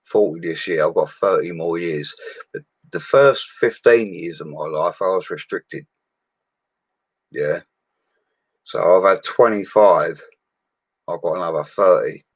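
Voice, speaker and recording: A man's voice: low voice, measured pace, long pauses, slightly rough, dry recording, low-quality recording. A man of forty, chatting casually and rambling on a live stream, with plenty of slang. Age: 40s.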